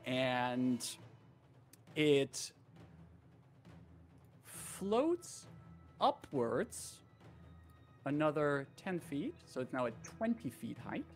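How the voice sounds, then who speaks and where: A man running a tabletop game as dungeon master, narrating the scene in a measured, playful way. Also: medium pitch, lively intonation, soft background music.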